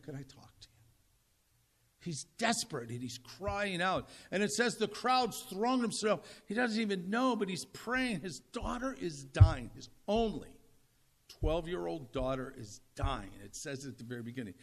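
Older male pastor, high voice, chatty humorous sermon. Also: a bit bright. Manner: conversational, humorous, asks the audience questions.

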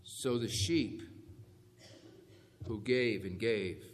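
A man's voice: fairly low pitch, slow pace, pauses often. Man preaching in an echoey church hall. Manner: call-and-response, animated emphasis on key phrases. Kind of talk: sermon. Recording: echoey hall with faint ambience.

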